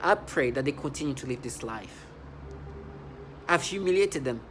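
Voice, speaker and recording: A man's voice: medium pitch, lively intonation, normal speed, fairly bright tone, slight background noise. A man ranting in a heated, rambling monologue, full of restarts and broken-off phrases. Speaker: vlogger. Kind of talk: agitated monologue to camera.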